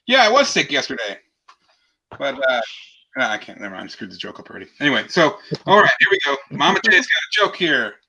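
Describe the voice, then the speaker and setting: A man's voice: mid-range voice, sing-song, fast, gravelly, pushed and bright, husky, low-quality recording. A man hosting a live joke stream, bantering casually, mocking himself and adding rimshot noises after punchlines. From half Mexican heritage. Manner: goofy, self-mocking, adds rimshot sound effects.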